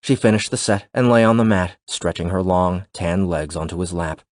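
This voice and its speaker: A man narrating an audiobook in a steady, measured way. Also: low voice, dry recording, studio quality.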